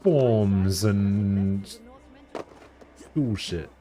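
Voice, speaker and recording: A man's voice: lowish voice, drawn-out words, dark tone, faint music behind. A man streaming a game and chatting casually with jokes. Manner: joking, laid-back. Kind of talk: casual chat over gameplay.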